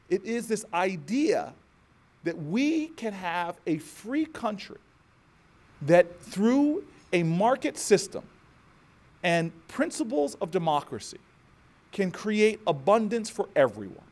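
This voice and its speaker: Jersey guy giving a big inspirational keynote, repeats lines for rhythm, cracks jokes, highish voice. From New Jersey. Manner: oratorical, rhythmic repetition, humorous asides. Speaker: keynote speaker. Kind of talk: inspirational speech.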